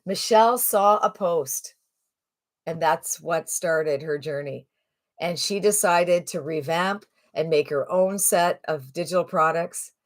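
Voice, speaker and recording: A woman in her sixties giving a casual, rambling sales pitch to camera, chatty and full of restarts. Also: slow. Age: 60s. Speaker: online marketing promoter.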